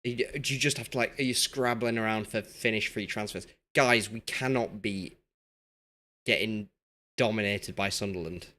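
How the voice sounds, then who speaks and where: A man's voice: on the low side, moderate pace, bright, forceful tone. Chatty Yorkshire man streaming a game. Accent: Yorkshire English. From Yorkshire, England. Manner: chatty, self-deprecating, reads chat aloud. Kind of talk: casual live-stream commentary.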